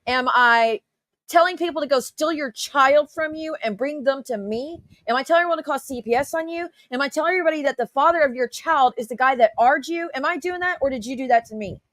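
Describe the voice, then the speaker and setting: A woman's voice: high-pitched, fast talker, a bit bright, no room sound. A woman commentator ranting in her own defense, firing rhetorical questions and swearing. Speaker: YouTube commentator. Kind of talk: heated reaction rant.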